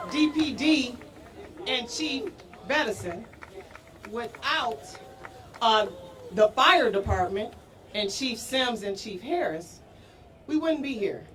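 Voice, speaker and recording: Rousing woman speaking outdoors, far off. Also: on the high side. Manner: emotional, rousing, builds to shouting. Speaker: deputy mayor giving a speech. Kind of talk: outdoor public speech. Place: outdoor rally at a school parade. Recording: distant outdoor news mic with street noise.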